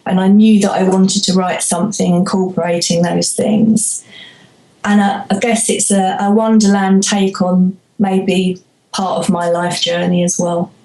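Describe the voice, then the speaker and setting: A woman's voice: on the low side, flat delivery, unhurried, mellow, roomy sound, poor audio. A woman from Croydon with a South London accent, guesting on an interview over a video call, chatting animatedly and slipping into playful put-on voices. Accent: South London English. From Croydon, England. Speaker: musician guest. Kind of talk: casual interview chat.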